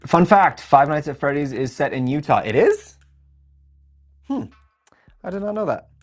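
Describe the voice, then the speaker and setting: A young man hosting a casual livestream. He thinks aloud while building and reads viewer messages aloud in a relaxed, chatty way. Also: on the high side, normal speed. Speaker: livestream host building a LEGO set.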